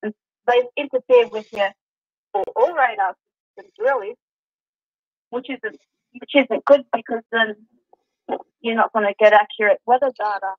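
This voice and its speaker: Calling in to a talk show, an Australian woman chats easygoingly and rambles, laughing readily. Her voice is a little high at normal speed with long pauses. There's no room sound, though the phone line sounds dull and far away.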